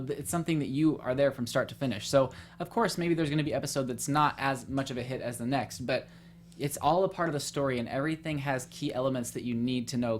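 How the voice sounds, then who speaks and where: A woman hosting a casual chat, talking quickly with lots of fillers and animated retellings. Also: extremely low pitch, slight background noise. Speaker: host. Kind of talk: casual chat about a TV show.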